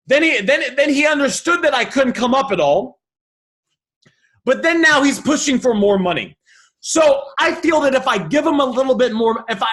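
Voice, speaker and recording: A man with a very high, bright voice coaching people on how to haggle. His pitch moves a lot as he walks through each message and thinks aloud, often restarting his sentences. The delivery is lively, like a teacher talking a class through examples. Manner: animated, quick restarts and repeated phrases, thinking aloud. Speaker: negotiation coach.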